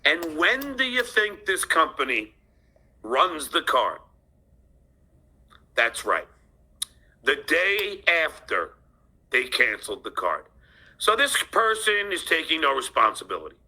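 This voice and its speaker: Rambling, swearing man with lively pitch. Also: slow, long pauses. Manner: rambling, restarts, swears, bursts into yelling. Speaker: storyteller of a personal complaint. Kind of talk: angry rambling personal story.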